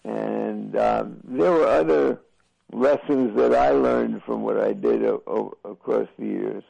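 An older man, a boxing broadcaster, answering interview questions in a slow, halting, reflective way with many fillers. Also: lowish voice, gravelly, dark tone, dry recording, low-quality recording.

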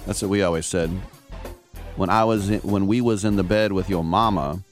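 Low-voiced joking sports radio host. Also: male voice, expressive, normal speed, pauses often, faint music behind. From Richmond, California. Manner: rambling, jokey, self-deprecating. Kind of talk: casual radio talk and storytelling.

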